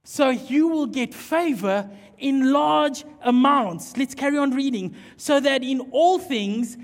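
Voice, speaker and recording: High-voiced pastor preaching. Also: male voice. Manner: animated storytelling, acting out dialogue. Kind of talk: sermon with storytelling. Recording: long hall reverb.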